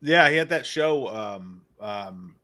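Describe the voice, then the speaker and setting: A man co-hosting a casual podcast, telling stories in an animated way, laughing often and swearing freely. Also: lowish voice, slow, very noisy. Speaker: podcast co-host. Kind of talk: casual profane chat.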